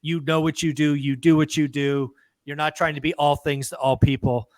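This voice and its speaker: Upbeat higher-voiced male host. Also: level tone, moderate pace, dry recording. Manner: upbeat, emphatic, addresses listeners as folks. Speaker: podcast host. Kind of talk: casual interview chat.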